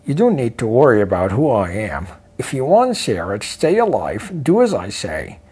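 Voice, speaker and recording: A man voicing a deep-voiced male kidnapper who taunts and laughs over a phone line, with a husky voice. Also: very animated, moderate pace, darkish tone. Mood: threatening.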